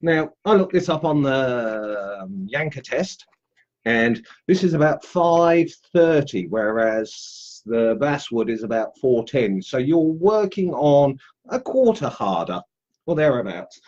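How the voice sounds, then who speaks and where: A man's voice: mid-range voice, big pitch swings, slow, a little mellow, highs cut off. A man demonstrating woodcarving on a live stream, chatting casually and greeting viewers as he works. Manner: chatty and upbeat, greets viewers while carving.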